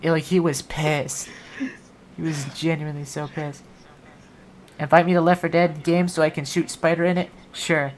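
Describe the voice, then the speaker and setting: A woman's voice: low-pitched, little pitch movement, normal speed. A woman hosting a livestream, chatting casually and rambling with many "like" fillers. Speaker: livestream host. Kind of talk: casual stream chat.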